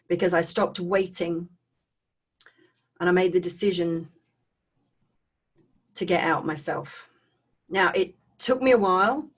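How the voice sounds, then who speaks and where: A woman giving an emotional personal testimony over a video call, halting and earnest, often repeating and restarting her words. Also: lowish voice. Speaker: speaker sharing her personal story.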